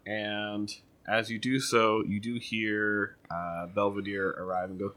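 A man's voice: on the low side, flat delivery, slow pace, bright, forceful tone. A man narrating a tabletop game as game master, in loose, rambling talk.

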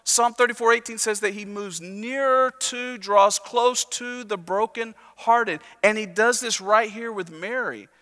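Male pastor, high bright voice, conversational sermon with humor, reverberant church hall. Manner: conversational preaching with jokes, slowing and softening for emphasis. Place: church sanctuary.

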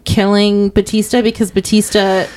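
A woman's voice: medium pitch, little pitch movement, moderate pace, darkish tone. A woman in casual conversation, recapping a film's plot and asking questions about it. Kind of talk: casual chat about a film.

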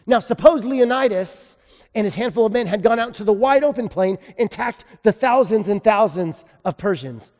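A man's voice: high-pitched, animated, moderate pace, a little mellow, long reverb tail. A man preaching a sermon in a conversational way, with self-deprecating humor. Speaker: pastor.

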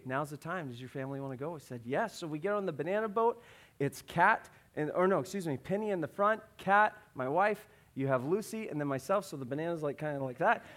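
Animated high-voiced male pastor. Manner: animated, acts out voices in his story. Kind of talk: sermon with personal story.

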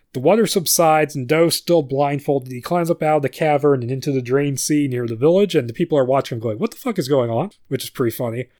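A man's voice: medium pitch, no room sound, studio quality. A man hosting a podcast, giving a casual, amused recap of a screenplay's plot, often restarting his sentences. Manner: chatty, amused, with frequent restarts. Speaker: podcast host.

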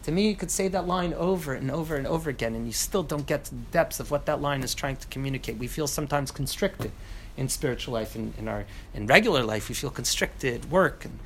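A man teaching a class on scripture, talking in an animated way with many restarts and asides. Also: medium pitch, slight background noise.

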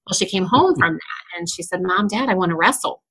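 A woman's voice: lowish voice, lively intonation, a little fast, fairly bright tone, husky. A middle-aged woman, a school principal, answering interview questions in an earnest storytelling way with frequent laughs.

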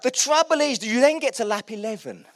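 A man's voice: very high voice, lively intonation, a little fast. A middle-aged man preaching a sermon in a loose, self-mocking, chatty way. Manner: chatty and self-mocking, with frequent laughs and restarts. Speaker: pastor. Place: church hall.

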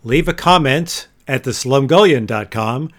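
Sardonic man co-hosting a podcast, mid-pitched, deadpan jokes. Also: measured pace. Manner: dry, sardonic wit. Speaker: podcast co-host. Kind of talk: casual chat.

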